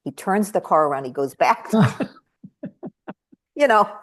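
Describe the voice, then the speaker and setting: A woman guest telling stories in conversation, animatedly acting out the voices of the people she quotes. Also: measured pace. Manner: animated, acts out quoted voices with big jumps in pitch. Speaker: guest speaker and trainer. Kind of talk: conversational storytelling.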